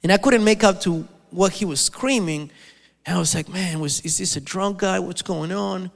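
A man preaching a sermon, telling a story with many halting restarts and repeated words. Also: high-pitched, gravelly, long reverb tail.

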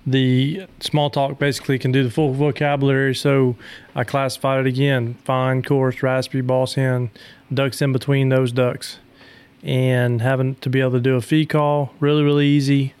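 A man's voice: medium pitch, little pitch movement, normal speed, darkish tone, clean tone. A man who makes duck calls, talking casually as a guest on a podcast. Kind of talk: casual interview talk.

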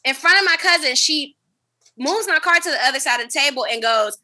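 A woman hosting a casual chat, telling a long story in an animated, profane, dramatic way. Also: high voice, fairly quick. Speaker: podcast host.

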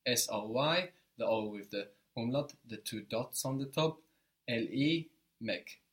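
A man's voice: mid-range voice, a little slow, a bit bright. A man teaching a spoken language lesson, patiently explaining step by step and encouraging his student.

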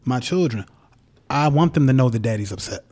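A man's voice: medium pitch, animated, brisk, breathy edge. A young man talking casually and emphatically about faith and parenting as a podcast guest, with a preacher's push. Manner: emphatic, preacherly, speaks plainly and forcefully.

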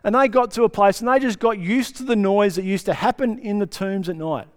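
A man preaches in a relaxed, conversational style, often checking that his listeners are following. His voice sits high and sounds smooth and resonant. The sound rings with the long reverb of a church hall. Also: fairly quick. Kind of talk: sermon.

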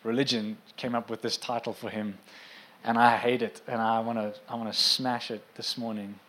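A man's voice: medium pitch, little pitch movement, moderate pace, sharp tone. A man preaching a sermon in a casual, conversational way, with asides to his congregation, who turns emphatic when he drives a point home.

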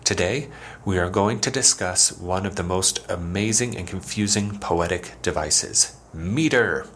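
Low-voiced guy with a crisp bright edge, teaching poetry on a podcast, careful scripted delivery, slow deliberate verse reading. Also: a little hiss or hum. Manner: measured, clear explanatory delivery, slows to a deliberate recitation for verse. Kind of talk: scripted educational podcast narration.

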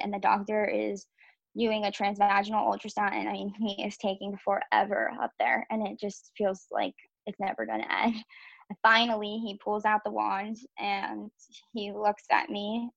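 Young woman with a gravelly, flat voice. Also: medium pitch, no echo. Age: young adult. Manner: candid, filler-heavy with frequent "um" and "like". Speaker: podcast guest. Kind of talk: personal storytelling. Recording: dull, slightly lo-fi audio.

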